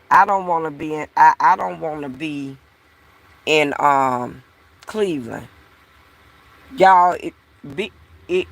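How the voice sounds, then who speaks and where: A woman's voice: fairly low pitch, creaky, fairly bright tone. A woman vlogger talking to her viewers in a casual, frustrated, repetitive way. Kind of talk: casual talk to camera.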